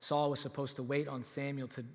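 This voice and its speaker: A man preaching a sermon as pastor, telling a story in an animated way and acting out what the people in it say. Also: medium pitch, fairly quick. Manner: animated storytelling, acts out quoted lines. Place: church auditorium. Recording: reverberant church hall.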